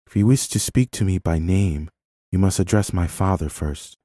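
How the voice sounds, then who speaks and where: A skeptical but kindly young peasant woman speaks with careful, guarded politeness, as a male audiobook reader puts her on. The voice is lifted from a dark, mellow base. The sound is dry and close. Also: low-pitched, normal speed, no room sound, natural voice. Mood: polite. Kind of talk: audiobook character voice.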